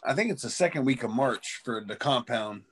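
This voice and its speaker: A man's voice: mid-range voice, animated, normal speed, fairly bright tone, husky. A man in a casual podcast chat, joking and teasing the others. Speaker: co-host.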